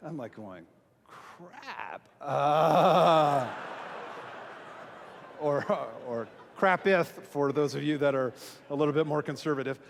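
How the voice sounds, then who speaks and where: A man's voice: medium pitch, a little fast, a little hiss or hum. A man, a pastor, telling a self-mocking story to a church audience and acting out the voices he quotes. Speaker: pastor and small group speaker. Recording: long hall reverb from a live venue.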